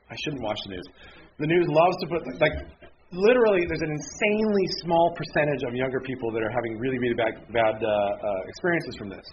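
A man in his thirties preaches in a loose, chatty way, wandering off on tangents, tripping over his own words and poking fun at himself. The recording is dull and lo-fi, with a steady hiss of noise underneath. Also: mid-range voice. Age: 30s. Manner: rambling, self-deprecating, frequent restarts. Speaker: pastor. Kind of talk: casual conversational sermon. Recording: muffled, noisy lo-fi recording.

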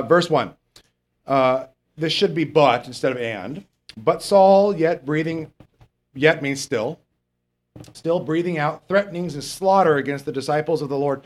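A man preaching a conversational sermon, rambling and joking as he reads the Bible, sometimes losing his place and stressing key points. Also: medium pitch. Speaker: pastor.

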